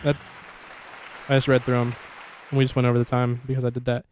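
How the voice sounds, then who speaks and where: A man hosting a podcast in casual chat, talking excitedly and rambling in quick bursts. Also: medium pitch, some chatter behind, slight background noise. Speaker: podcast host.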